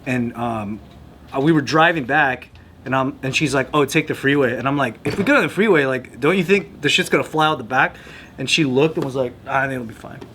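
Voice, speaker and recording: A man hosting a comedy podcast, telling a relaxed story in casual chat and reflecting on arguments. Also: medium pitch, fairly quick, slight background noise. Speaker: podcast host.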